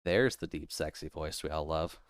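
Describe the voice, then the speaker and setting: A man's voice: very deep voice, normal speed, dry recording, studio quality. A man streaming a game live, reading its dialogue aloud and joking with chat in a casual, profane way. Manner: animated, joking, swears casually.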